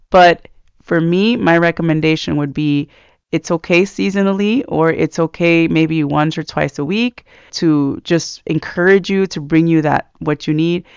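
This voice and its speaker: A man's voice: high-pitched, vocal fry, clear, resonant tone, no echo. A man giving a casual, rambling devotional talk about reading scripture, earnest, with many fillers. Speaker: Christian speaker. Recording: dull lo-fi sound, dry.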